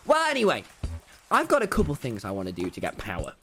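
A young man streaming a game live, loud, boastful and jokey, often yelling and laughing at his chat. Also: medium pitch, wildly swooping pitch, quick pace, slight background noise. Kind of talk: excitable gaming livestream chat. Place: home room.

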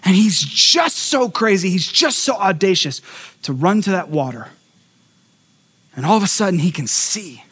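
High-voiced man preaching a sermon. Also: moderate pace, husky. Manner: animated storytelling, acting out voices; repeats words when starting thoughts. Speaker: pastor.

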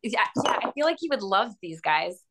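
A woman hosting a podcast, talking in a rambling, animated way with many fillers and frequent laughs. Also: mid-range voice, a little fast, a little hiss or hum. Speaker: podcast host. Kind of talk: casual chat.

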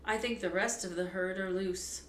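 A woman voicing a calm adult cowboy who gives low, steady instructions, in a storybook reading with a roomy echo. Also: normal speed, recorded from a distance, natural voice. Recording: roomy echo, faint background hum.

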